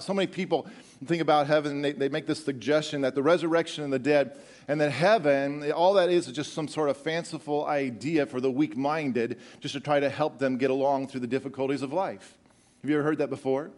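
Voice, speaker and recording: A middle-aged man preaching a sermon, animated and joking with the congregation, often repeating words as he goes. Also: on the high side. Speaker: pastor.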